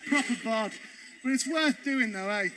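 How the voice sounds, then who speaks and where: An excitable comedian tells stories on a studio stage, his voice pitched very high for a man. Loud audience noise sits around him. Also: moderate pace. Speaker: stand-up comedian. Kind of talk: stand-up storytelling.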